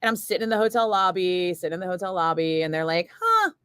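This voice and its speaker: A woman's voice: lowish voice, fast talker, smooth, no echo, clean studio sound. A woman radio DJ telling a rambling story in casual on-air chat, full of filler words. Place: radio studio.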